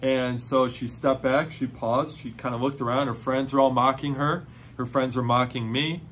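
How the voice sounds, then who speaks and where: A man telling a personal faith testimony in an excited, storytelling way, full of "like" fillers. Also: medium pitch, moderate pace, a little hiss or hum.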